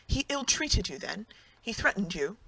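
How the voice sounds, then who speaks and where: A narrator voicing a scornful young wife. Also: female voice, mid-range voice, big pitch swings, normal speed, pushed and bright, slightly rough, no echo, exaggerated voice, low-quality recording. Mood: urgent. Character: young passionate woman, scornful of husband. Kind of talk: audiobook narration.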